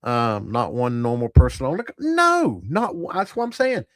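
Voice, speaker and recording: A man's voice: medium pitch, wildly swooping pitch, normal speed, a bit bright, no room sound, clean studio sound. A man hosting a tabletop gaming channel, giving blunt, profane, rambling commentary to a live chat. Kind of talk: casual livestream commentary.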